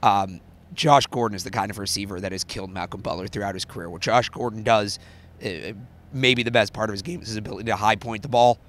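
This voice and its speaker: Hoarse, lower-voiced sports host man. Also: steady tone, quick pace, fairly bright tone. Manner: laid-back, pushing through. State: hoarse, losing his voice. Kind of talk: casual sports podcast chat.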